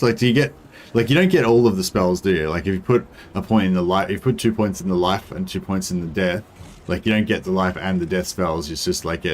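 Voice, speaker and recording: A young man with an Australian accent talks through his game in a loose, meandering way, full of "like" and "um". His voice sits low. A faint hiss runs under the close desk mic. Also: a little mellow. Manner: rambling, filler-heavy, thinking aloud. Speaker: game streamer. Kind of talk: casual gameplay commentary, answering chat.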